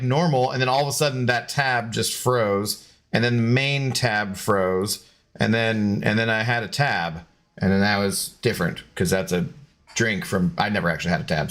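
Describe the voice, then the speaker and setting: A man's voice: medium pitch, fairly bright tone. A man chatting casually on a live game stream, scattered and talkative as he sorts out technical issues. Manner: chatty and scattered, baby-talking to his dog.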